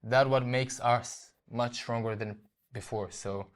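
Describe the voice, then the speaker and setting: A man's voice: medium pitch, steady tone. Earnest Israeli man telling his story. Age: young adult. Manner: earnest, halting, with frequent restarts and repeated words. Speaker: interview guest. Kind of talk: personal testimony in an interview.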